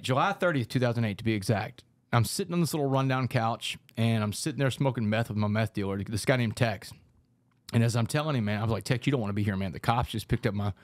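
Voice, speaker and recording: A man, a guest on a podcast, telling his life story in a lively, animated way and often saying "man". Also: medium pitch, no room sound. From Texas, United States. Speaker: podcast guest, author and speaker. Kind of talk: storytelling in a casual podcast interview.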